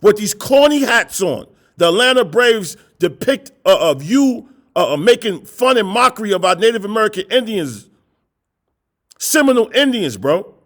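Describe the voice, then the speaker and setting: A man's voice: high-pitched, very animated, moderate pace, fairly bright tone. A middle-aged man preaching a confrontational sermon, scolding his listeners with repeated rhetorical questions and blunt, profane language. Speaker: street preacher.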